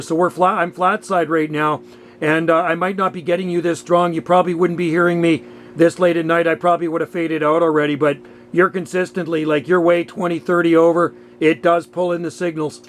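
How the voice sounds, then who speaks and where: A man talks into his station microphone in a rather high, even voice that barely rises or falls. He sounds easygoing and friendly, like a ham operator chatting with a regular contact. A faint hiss sits under his voice. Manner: easygoing, friendly, signs off with catchphrases. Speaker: amateur radio operator and video maker. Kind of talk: casual on-air radio chat. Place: home radio station on an island. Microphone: station microphone, filmed on a handheld camera.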